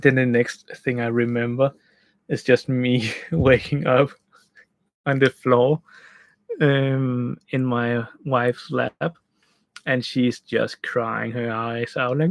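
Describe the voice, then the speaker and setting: A man's voice: medium pitch, steady tone, takes it slowly, creaky, dry recording, poor audio. A man casually telling a rambling story from a room by a bed, full of restarts and "like". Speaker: gaming channel host.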